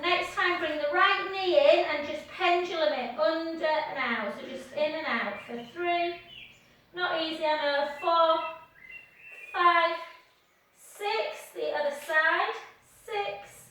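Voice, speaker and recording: A woman leading a live pilates class from home, cueing gently with counts and chatty asides. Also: very high voice, slow pace, a little hiss or hum. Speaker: pilates instructor. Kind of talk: live online class instruction. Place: home room with dog nearby. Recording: echoey room heard from a distance.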